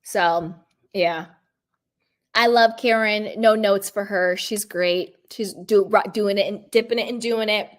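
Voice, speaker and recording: A woman's voice: mid-range voice, steady tone, measured pace. A woman giving casual, emphatic commentary on a reality show, full of "like" and "you know".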